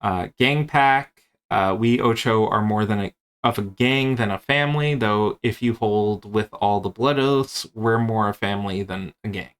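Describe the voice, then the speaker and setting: Casual game master, a man with a fairly low voice, talking through a rulebook off the cuff. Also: measured pace, clean tone. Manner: rambling, with many fillers and restarts. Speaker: game master and tabletop game presenter.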